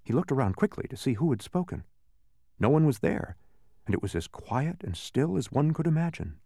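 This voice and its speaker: A male storyteller reads a children's book with a gravelly, lively voice that rises and falls freely. He stretches phrases out for effect, and the close, dry recording keeps him right at the ear. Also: medium pitch, no echo. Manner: expressive, slowing down for effect. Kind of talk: storybook narration.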